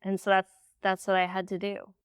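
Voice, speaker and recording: A woman guest on a podcast telling a story candidly, animated and full of "like" fillers. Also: mid-range voice, a little fast, clear, resonant tone, dry recording, studio quality. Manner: emotional when recalling.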